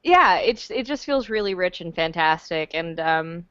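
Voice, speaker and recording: A woman's voice: lowish voice, expressive, unhurried, fairly bright tone, clear, resonant tone, dry recording. A woman co-hosting a film podcast, chatting casually in a playful, wry way. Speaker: podcast co-host, film critic. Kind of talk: casual chat. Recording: dry, muffled lo-fi podcast audio.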